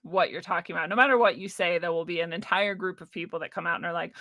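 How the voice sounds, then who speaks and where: A woman with a bright, forceful voice rants casually to her livestream viewers. She is blunt, profane and sarcastic and laughs often, close to the mic in a dry room. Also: lowish voice, quick pace, hardly any pauses, dry recording. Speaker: spiritual livestream host.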